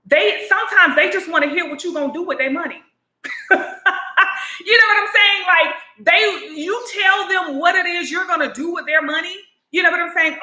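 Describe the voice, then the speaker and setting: A woman's voice: very high-pitched, lively intonation, moderate pace, bright, forceful tone. A woman giving relationship advice in a casual monologue, talking emphatically and directly and often asking "you know what I'm saying?". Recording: roomy echo.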